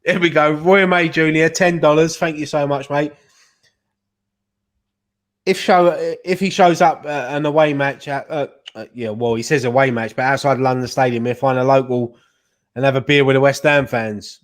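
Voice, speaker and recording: A man's voice: mid-range voice, steady tone, moderate pace. A man hosting a fan show in jokey, casual banter, reading out viewer messages. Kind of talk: casual pub-style banter.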